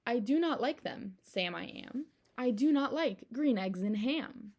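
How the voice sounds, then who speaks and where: A woman plays a stubborn, grumpy man who flatly turns down the food offered to him again and again. He says each refusal loudly and firmly, in a lively storybook voice with some gravel in it. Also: on the high side, measured pace. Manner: emphatic, repetitive refusals. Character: stubborn grumpy male picky eater.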